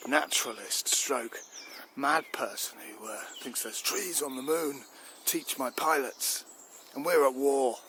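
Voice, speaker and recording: A man playing a furious, blustering air force chief who rants and shouts. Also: mid-range voice, takes it slowly, slight background noise. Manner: ranting, shouting, swearing. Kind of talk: improvised comedy.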